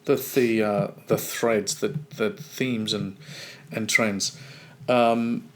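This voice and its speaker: A man co-hosting a podcast in casual chat, talking in a halting, stop-start way. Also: lowish voice, fairly even intonation, a bit bright. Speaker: podcast co-host; clinic supervisor.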